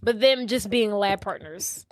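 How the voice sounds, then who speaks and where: A woman's voice: mid-range voice, unhurried, no echo, clean studio sound. A young woman co-hosting a podcast, casually retelling a movie plot and acting out the characters' lines. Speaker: podcast co-host.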